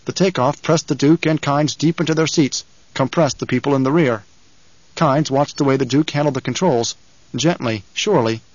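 A man reading a story aloud as audiobook narrator, with measured, even delivery. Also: mid-range voice, no echo, highs cut off. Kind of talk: scripted narration.

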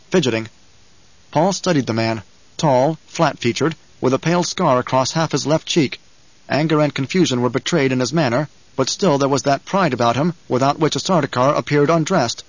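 A man's voice: medium pitch, moderate pace, dry recording, highs cut off. Man narrating an audiobook, dry and close. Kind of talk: scripted narration.

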